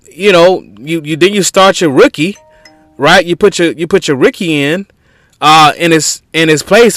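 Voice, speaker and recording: A man's voice: sits high, a bit bright, no room sound. A man hosting a podcast, giving opinionated sports commentary in an emphatic, conversational way with frequent restarts. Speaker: podcast host.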